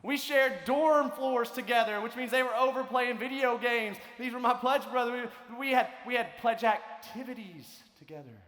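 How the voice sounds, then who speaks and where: Man, high voice, storytelling sermon, loud then hushed, echoey large hall. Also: moderate pace, hardly any pauses. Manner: animated, swings between loud and hushed. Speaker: conference speaker.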